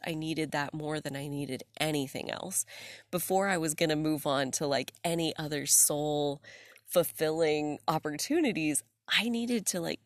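A young woman with a low, gravelly-fry voice hosts a solo podcast, sounding casual and confessional. She's animated, laughs easily, and swears without hesitation. The recording is close and dry, with no sense of a room.

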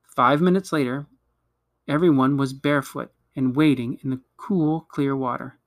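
A man reading a children's novel aloud at a measured pace, with occasional slips he corrects. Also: mid-range voice, steady tone, no room sound, clean studio sound. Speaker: reader.

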